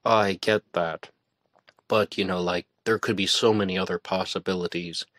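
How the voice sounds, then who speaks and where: A man's voice: deep voice, steady tone, normal speed, fairly bright tone, dry recording, clean studio sound. A man hosting a solo podcast, musing aloud in a casual, conversational way with some hesitations. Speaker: podcast host.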